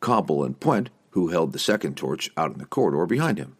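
A man reading a fantasy novel aloud as narrator in an expressive, varied delivery. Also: extremely low pitch, brisk, husky. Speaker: audiobook narrator.

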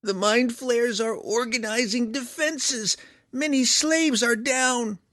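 A man doing a slow, strained hulking creature. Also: very high-pitched, fairly bright tone, no room sound, clean studio sound, voice pushed up, exaggerated voice. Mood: urgent.

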